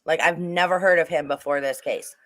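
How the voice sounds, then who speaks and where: Covering a true-crime case on a livestream, the host talks loosely and tends to restart sentences or stop to answer chat. The mid-pitched voice is fairly bright, fairly quick and fairly even in intonation.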